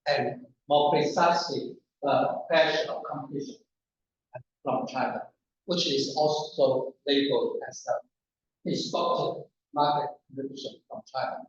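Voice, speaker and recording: A man presenting an academic paper at a conference panel, in a halting, deliberate way. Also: medium pitch, slight background noise. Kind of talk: academic lecture. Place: conference room. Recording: distant, echoey, dull conference room recording.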